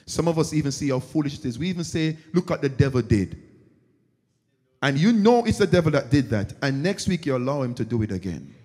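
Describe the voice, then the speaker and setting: A man's voice: a little high, quick pace, few pauses. A man preaching a sermon as pastor, telling stories and acting out their characters. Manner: animated storytelling, acting out characters. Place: church sanctuary. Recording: long church reverb.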